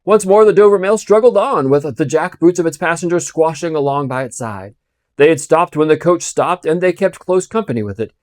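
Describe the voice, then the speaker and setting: A man reading a classic novel aloud with expressive storytelling. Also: fairly high pitch, a little fast, no echo, studio quality. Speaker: audiobook reader.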